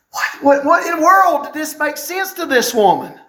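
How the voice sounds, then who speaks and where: A middle-aged man preaching a sermon as a pastor, folksy and animated, with wry asides. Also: very high-pitched, unhurried. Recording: echoey room sound.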